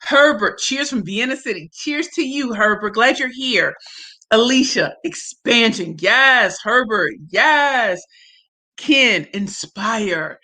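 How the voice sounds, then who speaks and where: A woman hosting a casual livestream, talking in an effusive, slangy way. Her voice is bright, a little higher than most women's, and has a forceful edge. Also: lively intonation, slow pace. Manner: effusive, greets viewers by name and reads comments aloud; slangy and emphatic. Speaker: livestream host.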